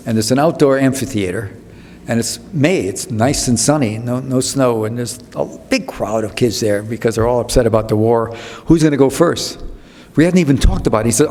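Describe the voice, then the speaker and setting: An American man in his eighties, speaking as a guest at a public talk, tells rambling anecdotes in a mid-range, darkish voice. He interrupts himself, restarts sentences and acts out other people's lines, all under long hall reverb.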